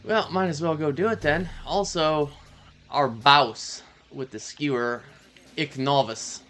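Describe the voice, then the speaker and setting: A man's voice: a little high, takes it slowly, a bit bright. A man casually chatting on his live stream as he plays a shooter, loose and profane, rambling and talking to his cat. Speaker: gaming streamer. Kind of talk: casual live-stream chat while playing.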